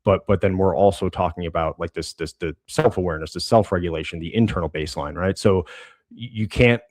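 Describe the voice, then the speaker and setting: Podcast co-host, man, very low voice, casual and stumbling, dry studio sound. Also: darkish tone, dry recording. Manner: halting, many restarts and fillers. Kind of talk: casual conversational explanation.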